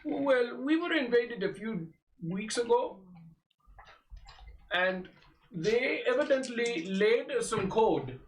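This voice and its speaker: A man's voice: extremely high pitch, animated, takes it slowly, long pauses, roomy sound, far from the mic, slight background noise, low-quality recording. A man running a tabletop role-play, speaking formally in character with many stalling fillers. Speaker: game master voicing a character.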